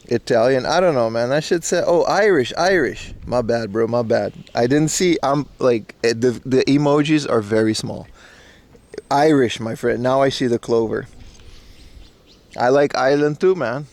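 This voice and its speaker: A low-pitched male streamer with a gravelly, fry-heavy voice, talking to his chat while walking outdoors. He rambles in a loose, slangy way and answers messages as he goes. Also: moderate pace, darkish tone. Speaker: IRL streamer. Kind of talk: casual live-stream chat. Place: outdoors in a park in Japan.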